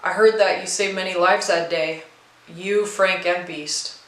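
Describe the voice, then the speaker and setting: Welcoming widow, gentle but pushy, as a woman narrator voices her. Bright, echoey read. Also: lowish voice, fairly even intonation, measured pace. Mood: coaxing. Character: warm, insistent widowed mother.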